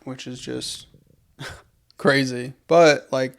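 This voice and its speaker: Young male podcast co-host, gravelly and flat-toned, earnest faith talk. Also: medium pitch, drawn-out words. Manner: earnest, reflective, repeats phrases for emphasis. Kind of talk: casual faith conversation.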